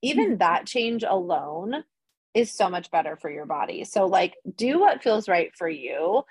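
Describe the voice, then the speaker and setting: A woman in her thirties, a podcast guest chatting casually and telling animated stories with lots of fillers. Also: lowish voice, a little slow, slightly rough, dry recording. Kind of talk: casual chat.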